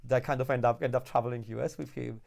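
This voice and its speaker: A man, a podcast guest, telling lively, swear-laced stories with frequent laughs. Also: medium pitch, fast talker, vocal fry. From Ukraine. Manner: animated storyteller, swears, laughs often. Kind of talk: casual podcast chat.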